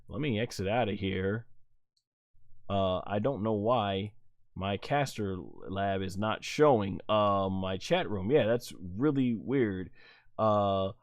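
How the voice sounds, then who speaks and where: Low-voiced man rambling on a live stream. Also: no echo, studio quality. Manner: rambling and flustered, many fillers and restarts. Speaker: live stream host reviewing wrestling. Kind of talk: casual live stream chat.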